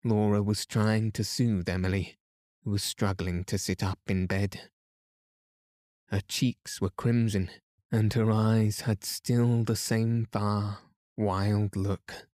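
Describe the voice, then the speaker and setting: Man, bedtime story narrator, soft-spoken, slow, low voice. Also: fairly even intonation, no echo, studio quality. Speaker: podcast narrator.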